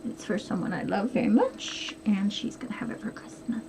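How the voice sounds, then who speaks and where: A middle-aged woman chats at home about her knitting and sewing, rambling along with frequent ums and hurried asides. Her voice sits at an ordinary middle pitch. A steady hiss of background noise runs under the recording. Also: gravelly. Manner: chatty, quick and rambling with many ums. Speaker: knitting podcast host. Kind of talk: casual chat to camera.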